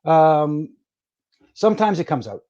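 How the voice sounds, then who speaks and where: A man's voice: on the high side, big pitch swings, a little slow, darkish tone, highs cut off. A middle-aged man, a former wrestling referee, talking frankly as a guest in a casual interview, often restarting his sentences. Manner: frank, plainspoken, with frequent restarts.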